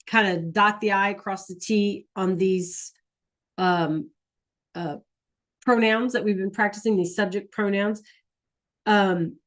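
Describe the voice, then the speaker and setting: A middle-aged woman teaching a Spanish class over a video call, chatty and encouraging, often checking in with "right?". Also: medium pitch.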